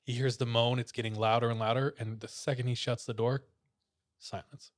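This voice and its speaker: A man's voice: medium pitch, fairly quick. A man casually retelling a creepy story, full of fillers. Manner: relaxed storyteller, many "like" fillers.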